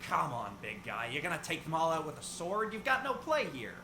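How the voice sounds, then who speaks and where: A man's voice: fairly high pitch, huge pitch swings, fairly quick, pitched above the performer's own voice. Taunting male villain, cocky and sly, a man voicing him in an echoey, noisy room. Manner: mocking, cocky.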